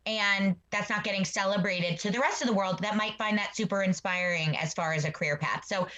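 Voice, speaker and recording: A woman's voice: mid-range voice, brisk, a bit bright, low-quality recording. A woman co-hosting an interview podcast, effusive and rambling, full of asides, speaking over a video call. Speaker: podcast co-host. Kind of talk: casual interview chat.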